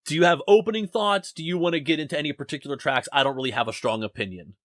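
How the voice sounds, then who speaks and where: A man's voice: a little high, racing, no echo. Young male podcast host, rambling and self-deprecating, dry close sound. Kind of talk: casual podcast chat. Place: home basement.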